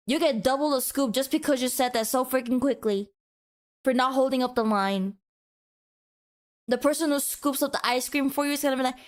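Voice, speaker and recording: A woman's voice: high-pitched, steady tone, normal speed. A woman streamer giving a mock-passionate, teasing rant to her chat in a playful, dramatic way.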